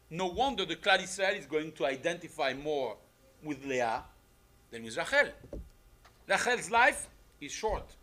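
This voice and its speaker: A rabbi teaching a class, speaking in an animated, emphatic way with frequent rhetorical questions. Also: male voice, on the high side, slight background noise. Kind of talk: lecture on a text.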